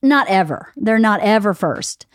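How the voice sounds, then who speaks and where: A woman's voice: mid-range voice, animated, a little slow, no echo, studio quality. A woman hosting a podcast, chatting casually with friends in a blunt, teasing way and swearing freely. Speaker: podcast host. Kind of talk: casual chat among friends.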